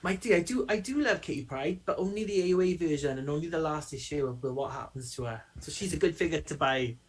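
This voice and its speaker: A man's voice: a little high, fast talker, slightly rough. A man co-hosting a casual livestream, joking and teasing the host.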